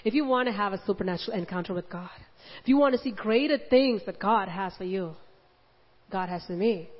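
A woman's voice: medium pitch, brisk. A woman preaching a sermon with passion, acting out the pleading words of the people in her story. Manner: impassioned, acts out Mary's pleading lines. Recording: dull sound with long hall reverb.

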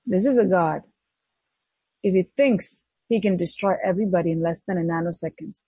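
A woman preaching a sermon, her voice swinging from high exclamations to low hushed emphasis. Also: moderate pace, husky, no echo, highs cut off.

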